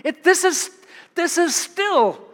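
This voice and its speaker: Animated American pastor preaching in a reverberant church. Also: male voice, slow. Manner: animated, chuckling storyteller, rises in pitch for dramatic moments. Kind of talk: sermon. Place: church sanctuary.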